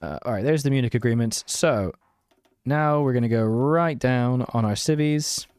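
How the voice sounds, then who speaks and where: A man's voice: mid-range voice, moderate pace, darkish tone, smooth, no echo. Young man, casual game streamer, self-deprecating chatter, dry booth-like sound. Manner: self-mocking, chatty, reads and answers chat. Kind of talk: casual live-stream gameplay chat.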